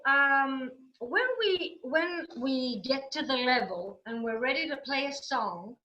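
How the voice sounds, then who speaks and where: A Greek woman with a bright, clear voice talks slowly and patiently over a video call. She is a music teacher, with Greek as her first language. She sounds out rhythm syllables as she demonstrates. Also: sits high, lo-fi sound. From Greece.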